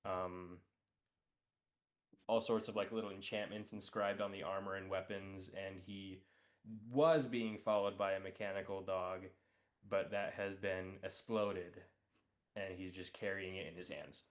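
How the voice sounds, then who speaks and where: A man's voice: sits low, steady tone, measured pace. A man playing a tabletop role-playing game, describing his character with a hesitant, filler-heavy delivery. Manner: hesitant, many ums and likes. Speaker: player.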